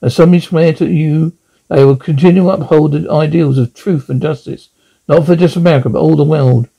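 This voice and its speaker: A man voicing an earnest male superhero in a one-man cartoon dub, speaking in a measured, solemn way. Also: a little high, steady tone, vocal fry, slightly rough, lo-fi sound.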